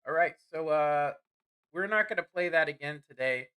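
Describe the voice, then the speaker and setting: A man's voice: on the high side, normal speed, pushed and bright, smooth. A man giving rambling, self-deprecating commentary while playing a game. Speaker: gaming streamer. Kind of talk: casual gameplay commentary.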